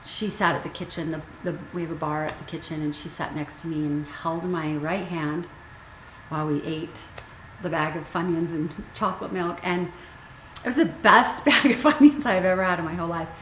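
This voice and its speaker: Her voice fairly low yet a bit bright, a guest author in her fifties shares her own story openly and emotionally. She's earnest and pauses with ums, and the recording sounds roomy with faint noise.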